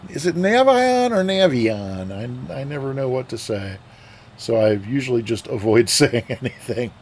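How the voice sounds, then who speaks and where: A man's voice: mid-range voice, a little fast, darkish tone, slight background noise. Rambling, chatty man streamer. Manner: chatty, rambling with fillers and restarts. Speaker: flight sim streamer. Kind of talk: casual live-stream chat.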